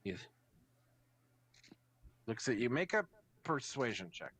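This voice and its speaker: A man's voice: medium pitch, big pitch swings, takes it slowly, a bit bright, husky, dry recording. A man running a tabletop game as dungeon master, narrating in a hesitant, rambling way.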